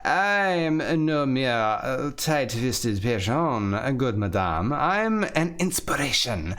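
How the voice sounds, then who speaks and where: A man voicing a boastful, foppish gentleman philosopher, speaking in a grand, theatrical way. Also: mid-range voice, sing-song, takes it slowly.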